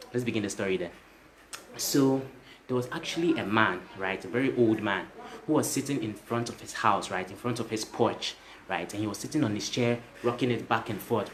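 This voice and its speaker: A man giving a motivational story to livestream viewers, repeating himself and tagging his lines with "right?". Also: fairly low pitch. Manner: repetitive, tags lines with "right?"; addresses viewers directly. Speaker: motivational speaker.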